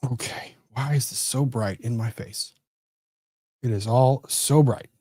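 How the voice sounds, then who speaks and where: Guy hosting a chatty legal livestream, keeps getting sidetracked, mellow voice, dry sound. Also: mid-range voice, a little slow, no echo. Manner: rambling, easily distracted, self-interrupting. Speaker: livestream host. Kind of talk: casual legal commentary livestream.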